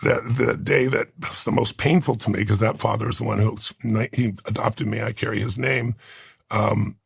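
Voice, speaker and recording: Man, 60s, interview guest; raspy, gravelly, heartfelt personal storyteller. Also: fairly low pitch, fairly even intonation, moderate pace, no room sound, clean studio sound. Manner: emotional, earnest, tells a personal story.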